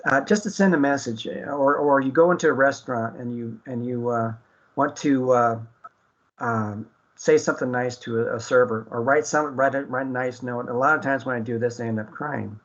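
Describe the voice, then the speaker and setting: A man's voice: mid-range voice, moderate pace, dull audio. A man hosting an internet radio talk show, speaking earnestly with many fillers and restarts.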